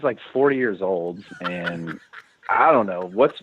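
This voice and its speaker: This guest musician has a lowish, expressive voice and talks a little slowly. He's interviewed casually over a tinny phone line, spinning rambling stories and chuckling often.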